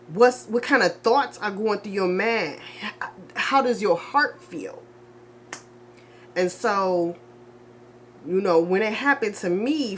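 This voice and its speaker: A woman's voice: medium pitch, fairly bright tone, slight background noise. Grieving woman sighing through a confession. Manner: halting, repetitive speech with frequent sighs and restarts. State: grieving, low and emotional. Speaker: vlogger. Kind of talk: confessional vlog.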